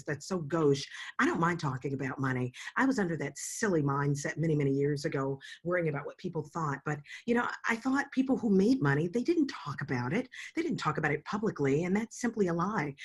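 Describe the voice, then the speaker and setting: A woman hosts an online webinar with a husky, slightly low voice. She talks in an emphatic, preachy way, pressing each point home. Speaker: webinar host. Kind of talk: motivational webinar talk. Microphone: online call.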